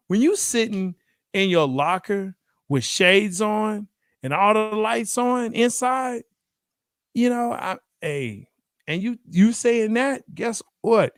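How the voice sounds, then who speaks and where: A man hosting a casual sports debate show, animated, laughing often and acting out quotes. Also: high voice, smooth, no room sound, studio quality.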